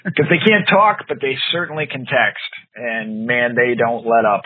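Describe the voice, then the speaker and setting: With a breathy edge to his medium-pitched voice, this podcast co-host talks at a normal speed, casually griping about TV shows in exasperation and slipping into playful quoted voices. The sound is tinny, as if over a phone, with slight background noise.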